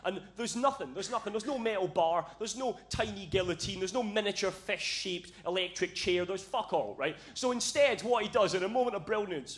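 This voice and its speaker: A man's voice: high voice, lively intonation, brisk, a bit bright. A young man from Scotland doing a stand-up comedy set on a club stage, telling a story with lots of swearing and acted-out voices.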